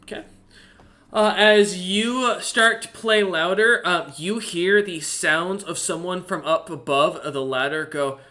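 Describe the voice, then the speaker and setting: A man narrates a tabletop game as its game master, his voice bright and a touch higher than most. He rambles between descriptions, filling the gaps with ums and uhs. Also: a little slow. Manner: rambling with many fillers.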